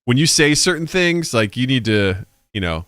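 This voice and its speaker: A man co-hosting a podcast in casual chat, an animated storyteller who acts out family voices and swears freely. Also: medium pitch, moderate pace, clean tone, no echo, clean studio sound. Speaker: podcast co-host.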